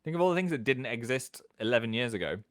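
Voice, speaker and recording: British man, thirties, livestream host, casual chat, lively swooping pitch, dry close sound. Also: dry recording. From England. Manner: chatty, animated, quick jumps in pitch.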